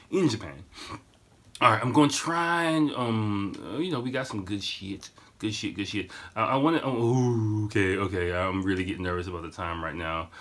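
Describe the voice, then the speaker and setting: A man's voice: low voice, animated, normal speed, fairly bright tone. A man in his thirties telling a story on his podcast in a rambling, profane, casual way. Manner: rambling, profane, lots of fillers. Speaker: podcast host.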